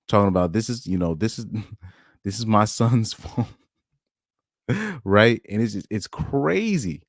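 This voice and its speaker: A man hosting a podcast, reacting to screenshots in a rambling, animated way, often laughing and jumping up in pitch when amazed. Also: no room sound, studio quality. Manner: rambling, with frequent restarts. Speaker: podcast host. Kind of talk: casual commentary reading screenshots.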